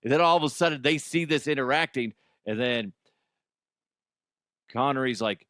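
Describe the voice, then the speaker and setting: A middle-aged man hosts a talk radio show, rambling through stories with plenty of swearing and self-mockery. His voice sits at an average pitch and sounds dry and close, with no room around it. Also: normal speed, pauses often, fairly bright tone, dry recording. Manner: profane, self-deprecating, rambling. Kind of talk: casual comedic talk radio monologue.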